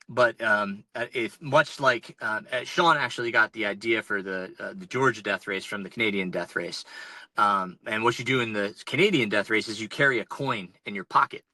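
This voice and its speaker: An ultrarunner in his forties from North Carolina, appearing as a podcast guest, calls in remotely from inside his truck to share race stories. He's casual and animated, with lots of fillers and restarts, speaking at a normal speed in a fairly low voice. The recording is dry and the audio is poor.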